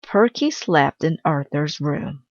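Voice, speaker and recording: A woman narrating a children's storybook aloud in a gentle, clear manner. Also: low voice, big pitch swings, takes it slowly, no room sound. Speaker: children's book reader. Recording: slightly dull dry recording.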